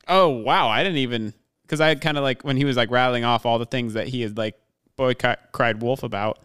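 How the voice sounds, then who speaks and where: Clear-voiced man, casual rambling chat. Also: mid-range voice, a little fast, a bit bright. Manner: rambling, many filler likes, laughs often.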